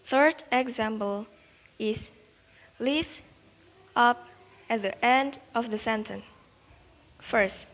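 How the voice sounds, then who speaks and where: Slow young woman in a reverberant space. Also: fairly high pitch, a bit bright. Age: young adult. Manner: repeats example sentences. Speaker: student presenter. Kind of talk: class presentation. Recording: long reverb.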